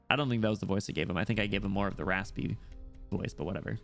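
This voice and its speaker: A man's voice: lowish voice, racing, gravelly, fairly bright tone, faint music behind. A man streaming a game, chatting casually and jokingly while reading the story aloud. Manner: chatty and jokey, reads game text aloud.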